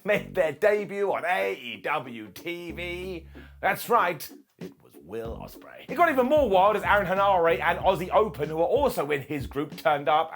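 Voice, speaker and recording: A man gives a playful, self-mocking review that swings between loud bursts and quiet asides. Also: high-pitched. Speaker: wrestling show reviewer. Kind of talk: comedic scripted review.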